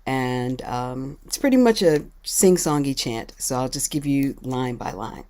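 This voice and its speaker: Slow, mellow woman song leader. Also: very deep voice. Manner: laughs often, sings example lines, slow and relaxed. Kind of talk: teaching a chant line by line. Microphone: video call.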